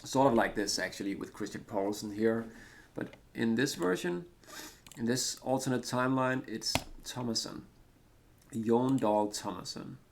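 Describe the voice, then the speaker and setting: A Danish man talks his way through a retro football management game in a loose, rambling commentary. His voice sits at an ordinary pitch with a gravelly, fry-tinged texture. He hesitates often and pokes fun at himself. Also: unhurried. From Denmark. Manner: rambling, hesitant, self-deprecating. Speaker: gaming commentator. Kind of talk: casual let's-play commentary.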